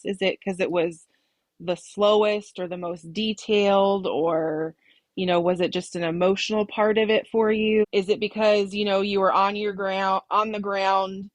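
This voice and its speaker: A woman hosting a podcast interview. She builds long, winding questions packed with fillers. Her voice sits at an ordinary middle pitch and is recorded dry and close. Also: no room sound. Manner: rambling, layered questions with many fillers. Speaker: podcast host.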